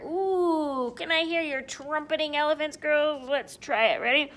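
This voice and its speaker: A woman teacher reading a picture book aloud to young children, sing-song and animated, sometimes dropping to a whisper. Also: high-pitched, unhurried, hardly any pauses, a little hiss or hum.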